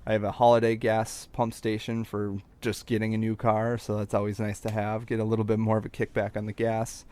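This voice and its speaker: A man's voice: lowish voice, completely flat delivery, brisk, darkish tone, clear, resonant tone. A young man on a podcast casually telling a rambling personal story, with plenty of filler words and restarts.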